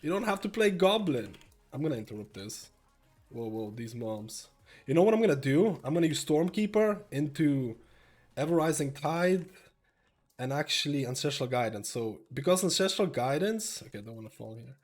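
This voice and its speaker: A man's voice: medium pitch, moderate pace. Stuffy-nosed man narrating gameplay. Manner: excited bursts over a steady explaining tone. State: slightly stuffy, a little sick. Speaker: gameplay streamer. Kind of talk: casual gameplay commentary.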